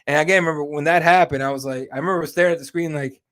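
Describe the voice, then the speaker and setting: A man's voice: fairly high pitch, fairly even intonation, very fast, a bit bright. A man chatting casually as the host of a live fight talk show. His talk is loose and conversational, full of fillers, and he swears freely. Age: adult with kids. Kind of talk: casual chat.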